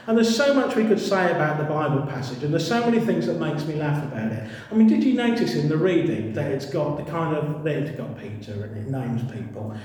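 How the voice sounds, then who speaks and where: A man preaching a sermon in a church, animated and humorous, acting out little voices as he tells the story. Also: a little high, brisk, few pauses. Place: church hall. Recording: distant mic in echoey hall.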